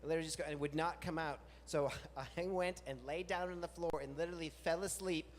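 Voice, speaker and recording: A man's voice: steady tone, fast talker. Self-mocking man telling a story onstage. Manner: chatty, self-mocking, jumps into high silly voices for quoted bits. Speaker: host. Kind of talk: live storytelling on stage. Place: large music venue with live audience. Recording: long venue reverb, faint room noise.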